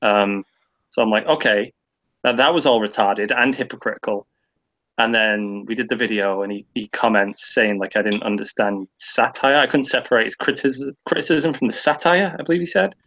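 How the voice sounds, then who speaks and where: A man's voice: on the low side, a little fast, creaky, fairly bright tone, poor audio. A man on a casual online stream, ranting at length with lots of swearing and filler words. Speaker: guest on a stream. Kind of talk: casual chat.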